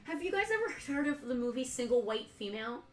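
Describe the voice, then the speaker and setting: A woman's voice: on the high side, very animated, quick pace. A woman with a scratchy voice co-hosting a casual toy store livestream, chatty and joking as she rambles. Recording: echoey room.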